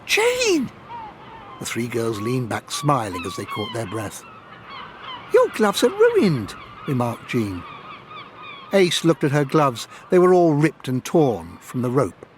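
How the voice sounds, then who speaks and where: A man reading a story aloud as an audiobook narrator, with expressive storytelling delivery. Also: measured pace, slight background noise. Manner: expressive reading, voices characters in high put-on tones.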